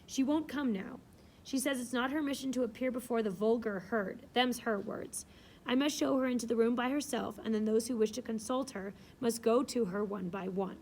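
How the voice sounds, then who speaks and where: A woman's voice: a little high, moderate pace, darkish tone, a little hiss or hum, lightly acted. A woman reading aloud, voicing a nervous, deferential male footman.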